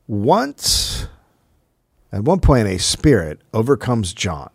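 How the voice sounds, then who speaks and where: A man hosting a comedy podcast, retelling a story in a dry, deadpan way. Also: fairly low pitch, takes it slowly, breathy edge, no echo. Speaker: podcast host. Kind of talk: comic storytelling.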